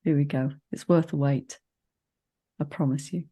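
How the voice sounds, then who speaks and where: A woman's voice: low voice, steady tone, moderate pace, dark tone, slightly rough. A woman co-hosting a podcast, playful and enthusiastic in conversation. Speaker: podcast co-host.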